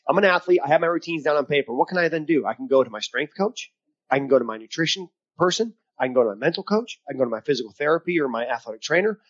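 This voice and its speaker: Energetic man coaching, lo-fi sound. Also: a little high. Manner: energetic, emphatic, coaching tone with quoted asides. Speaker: mental performance coach and co-host. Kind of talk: casual podcast chat.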